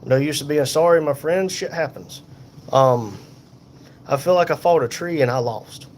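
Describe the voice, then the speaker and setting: A man in pain and tired, hosting a casual livestream from a hospital room on a phone, reading viewer comments aloud in an unhurried, folksy way. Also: fairly high pitch, a little hiss or hum. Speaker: livestream host reading chat. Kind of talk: casual live chat.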